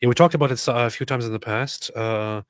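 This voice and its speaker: A man co-hosting a casual livestream, reading viewer messages aloud and answering in a dry, sarcastic tone. His voice sits at an ordinary middle pitch. The sound is dry and close to the mic. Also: quick pace, no room sound. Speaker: livestream co-host. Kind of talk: casual livestream chat reading super chats.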